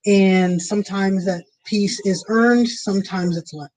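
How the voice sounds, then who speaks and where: A woman's voice: mid-range voice, measured pace, a little mellow, rough recording. A woman streaming from her home, chatting casually and rambling with lots of fillers as she plans a tabletop game. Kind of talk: casual chat to viewers.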